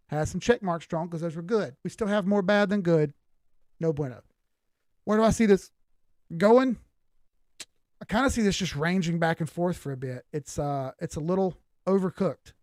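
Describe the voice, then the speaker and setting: Southern-drawling man, high-pitched and blunt. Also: moderate pace, darkish tone, no room sound. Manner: blunt, folksy and emphatic. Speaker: crypto chart analyst. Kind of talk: live-stream chart commentary.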